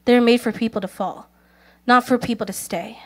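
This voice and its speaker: A woman preaching a sermon, telling stories earnestly, calling for amens, and speaking quoted prayers softly. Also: fairly high pitch, fairly even intonation, normal speed. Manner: earnest storytelling, calls for amens; acts out quoted prayers softly, at times in a whisper.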